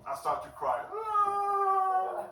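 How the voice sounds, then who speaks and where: Middle-aged Swiss French man, stand-up comic, animated, bright voice, roomy distant sound in a club. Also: on the high side, fairly quick. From Switzerland. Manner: animated, acts out characters with yells and cries. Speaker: stand-up comedian. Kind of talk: stand-up comedy set. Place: comedy club stage.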